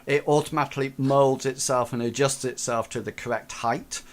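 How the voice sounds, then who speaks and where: A man's voice: medium pitch, steady tone, normal speed. Hesitant man running a tabletop game. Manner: hesitant, many fillers and restarts. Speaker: game master.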